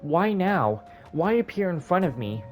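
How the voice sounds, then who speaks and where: A man's voice: sits high, sing-song, measured pace, soft background music, pitched above the performer's own voice. A man voicing an emotional, grieving man who pleads for help in a video game. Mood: distraught. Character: distraught grieving man, haunted by the past.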